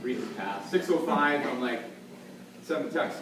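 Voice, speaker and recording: A man's voice: medium pitch, unhurried. Man roasting a friend in an echoey room. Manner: mocking, deadpan storytelling. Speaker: roast speaker. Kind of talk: live roast speech. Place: party room with gathered guests. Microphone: handheld mic. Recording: roomy, distant mic with room noise.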